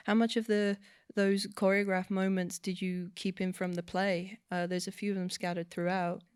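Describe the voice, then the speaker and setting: A woman's voice: medium pitch, level tone, normal speed, clean tone, no echo, clean studio sound. A woman interviewing a guest, asking rambling conversational questions.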